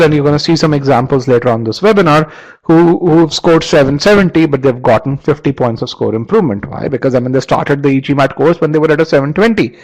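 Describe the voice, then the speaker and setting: This online course instructor runs a live webinar, asking his audience questions and repeating words whenever he restarts a thought. His voice is on the high side, captured in a low-quality recording.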